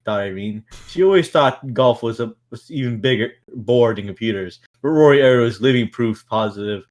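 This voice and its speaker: A man with a mid-range voice reads a book aloud for a stream. His reading is casual and halting, full of restarts, slips and stifled laughter as he pushes on through the text. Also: medium pitch.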